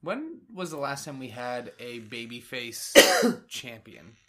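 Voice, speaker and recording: A man's voice: medium pitch, very animated, takes it slowly, bright, forceful tone. A man co-hosting a podcast, chiming in with short, dry remarks during a casual chat. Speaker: podcast co-host.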